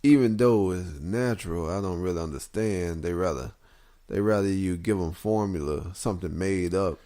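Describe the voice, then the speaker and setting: A man's voice: low-pitched, normal speed, dark tone. A man co-hosting a casual podcast, teasing his co-host in a laid-back way and laughing often. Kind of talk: casual chat.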